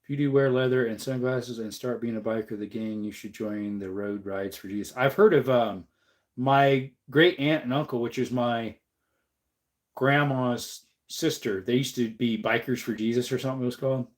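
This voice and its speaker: A man's voice: medium pitch, fairly even intonation, normal speed. A young man with a stuffed-up nose, hosting a casual livestream and chatting easygoingly with viewers while he works. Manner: easygoing, reads chat aloud and answers. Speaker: livestream host.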